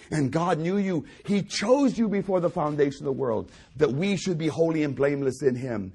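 Husky high-voiced preacher, dramatic swings. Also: male voice, animated, normal speed, hardly any pauses. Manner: swings from loud emphatic repetition to low hushed delivery. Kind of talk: sermon.

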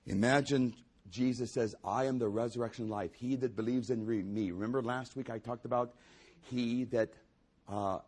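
A man's voice: medium pitch, fairly even intonation, moderate pace, darkish tone, slightly rough. A man preaching a sermon, emphatic and building to a raised voice. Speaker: pastor.

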